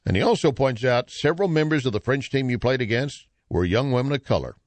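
A man's voice: medium pitch, lively intonation, fast talker, no room sound. A man hosting an opinion commentary show, speaking emphatically and reading passages from an article aloud. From United States.

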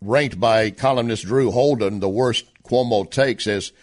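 A man's voice: medium pitch, unhurried. A man hosting a political talk show, delivering a sarcastic monologue full of rhetorical questions. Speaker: radio talk show host.

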